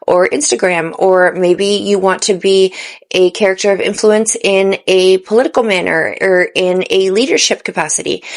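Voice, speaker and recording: A woman talking straight to camera in a motivational lifestyle vlog, earnest and encouraging, a bit tired late at night and sometimes stumbling over her words. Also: medium pitch. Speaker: lifestyle vlogger. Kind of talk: motivational direct-to-camera talk.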